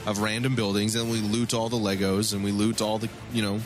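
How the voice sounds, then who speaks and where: A man co-hosting a podcast in casual banter, with dry, quick comebacks and casual swearing. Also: fairly low pitch, level tone, over music. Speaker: podcast co-host.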